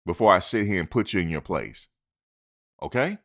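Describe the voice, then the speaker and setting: A sports commentator with a low-pitched voice speaks at normal speed into a close mic. His opinionated sports talk is animated and emphatic, with repeated points as he lectures his listeners.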